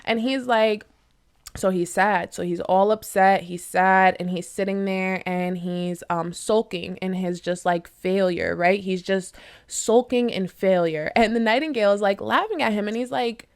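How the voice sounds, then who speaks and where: A woman's voice: mid-range voice, measured pace, clear, resonant tone. A woman chatting casually as she retells a fable and reads oracle cards, rambling with many fillers and tag questions. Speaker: tarot and oracle card reader. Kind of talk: casual storytelling and card reading.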